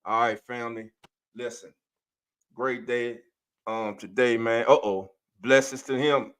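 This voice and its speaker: A man hosts a sports podcast live stream in a loose, excitable way. He greets viewers one by one and calls them family. His voice sits at an ordinary middle pitch. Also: a little slow, clean tone. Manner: hypes up and greets chat viewers by name; loose, energetic, calls listeners family and baby. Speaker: podcast host.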